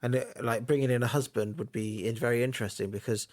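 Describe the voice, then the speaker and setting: A woman's voice: a bass voice, fairly even intonation, fast talker, a little mellow. A woman co-hosting a casual podcast chat, playful and teasing. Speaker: podcast co-host.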